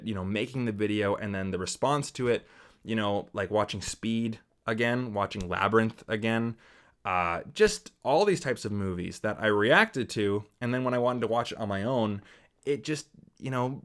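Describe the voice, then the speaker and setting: A young man, a film critic, talking casually to his viewers, acting out comments in a lively way. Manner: animated, acts out quoted comments with big pitch jumps. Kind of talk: casual talk to camera.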